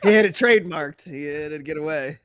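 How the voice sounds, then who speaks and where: A man's voice: on the high side, a little fast, a bit bright, no echo, studio quality. A young man co-hosting a casual sports podcast, ranting with lots of profanity and "like" fillers. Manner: frequent "like" fillers and restarts. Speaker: podcast co-host.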